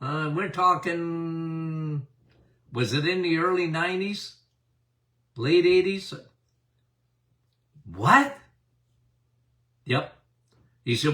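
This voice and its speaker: A man's voice: on the high side, very slow, pauses often, sharp tone, recorded from a distance. An older man, a doctor hosting a podcast, talking casually about health and speaking straight to his listeners in a folksy way. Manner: folksy, addresses listeners directly.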